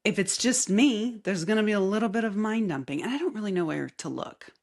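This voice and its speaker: A woman hosting a casual solo podcast with a light Southern accent, chatty and rambling, often laughing and dropping into soft asides. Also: mid-range voice, a little fast. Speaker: podcast host. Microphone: camera mic facing the speaker.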